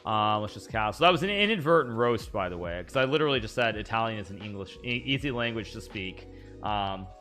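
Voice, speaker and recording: A man's voice: on the low side, lively intonation, brisk, sharp tone, faint music behind. A man live-streaming a chess game, thinking aloud about his moves and chatting with viewers in a rambling way. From United States.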